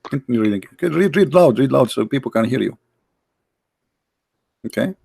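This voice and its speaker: A man's voice: mid-range voice, lively intonation, brisk, gravelly, darkish tone, breathy edge. A man from the Arab world with Arabic as his first language, hosting a confrontational religious debate, pressing the same questions over and over in broken English. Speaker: debate host.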